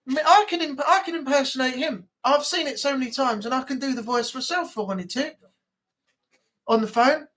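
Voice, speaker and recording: A woman's voice: high-pitched, brisk, fairly bright tone. A woman hosting a casual weekly live chat, rambling and chatty with lots of ums. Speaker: live stream host.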